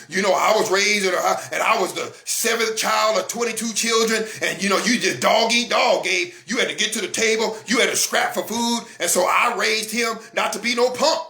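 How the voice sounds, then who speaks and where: A man's voice: high-pitched, sharp tone. A man voicing a defensive, pleading older grandmother who justifies how strictly she raised her son. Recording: echoey room.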